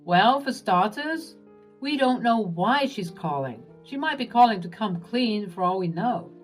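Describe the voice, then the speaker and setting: A woman voicing a gentle, conflicted young husband who speaks in a soft, pleading, measured way. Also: mid-range voice, expressive, soft background music, natural voice.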